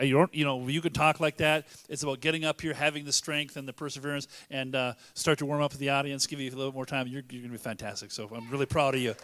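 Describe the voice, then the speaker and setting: A man's voice: medium pitch, steady tone, fast, few pauses, a bit bright. A man emceeing a charity auction, joking and rambling with many restarts. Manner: joking, rambling, self-interrupting. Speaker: event emcee. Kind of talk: casual emcee banter. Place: church hall fundraiser.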